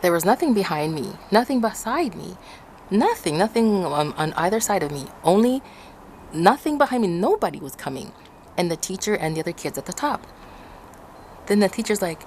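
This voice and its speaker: A woman from Ecuador chats straight to her viewers, recounting a story with a voice that rises and falls widely. She bursts into high, shouted quotes and frequent laughter. A faint background hiss sits under the recording. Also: very animated, normal speed. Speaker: vlogger.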